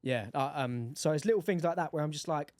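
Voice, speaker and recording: A young man co-hosting a podcast in casual chat, swearing freely and telling animated stories. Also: fairly high pitch, fairly quick, no echo, studio quality. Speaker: podcast co-host.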